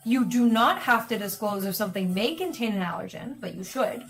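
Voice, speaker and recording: Animated woman telling a story. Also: medium pitch, a little fast, soft background music. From Canada. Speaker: co-host, bakery owner. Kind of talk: casual storytelling while gaming.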